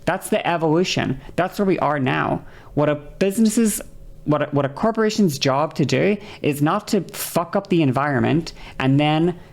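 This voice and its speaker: Low, gravelly woman ranting at chat. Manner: exasperated, argumentative, swears often. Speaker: streamer. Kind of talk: heated live-stream rant at chat.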